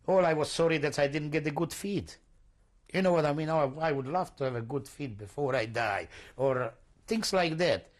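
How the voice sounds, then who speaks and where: An older man recounting his memories in an oral history testimony, speaking halting, broken English and often searching for words. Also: on the high side. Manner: non-native English, broken grammar. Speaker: interviewee.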